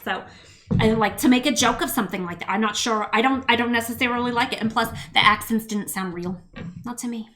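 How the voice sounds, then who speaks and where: A woman voicing a mouthy, gossipy alter ego, in a lower and quieter voice than her own, as a livestream character bit. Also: a little fast, lightly acted. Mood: grumbling.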